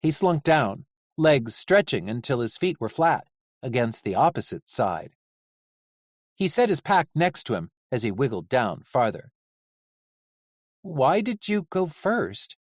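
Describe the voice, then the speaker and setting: An audiobook reader giving measured, animated narration of a story. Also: medium pitch, dry recording, studio quality. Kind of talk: scripted narration.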